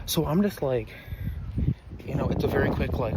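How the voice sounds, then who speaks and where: A man's voice: medium pitch, normal speed, very noisy. A young man rambling through a comedic personal story to camera, exaggerated and full of asides. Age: young adult.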